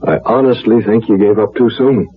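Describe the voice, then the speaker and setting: An actor as a gentle, hesitant doctor. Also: male voice, lowish voice, fairly quick, lightly acted. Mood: soothing. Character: patient, soothing male doctor. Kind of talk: 1970s radio drama acting. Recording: muffled, narrow-band old radio broadcast.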